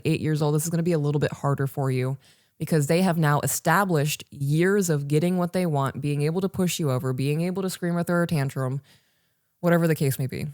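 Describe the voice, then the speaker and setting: A woman's voice: deep voice, darkish tone, dry recording, clean studio sound. A woman in her thirties co-hosting a parenting podcast, talking emphatically and straight to the listener. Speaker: podcast co-host. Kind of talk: casual parenting podcast talk. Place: recorded live for online patrons.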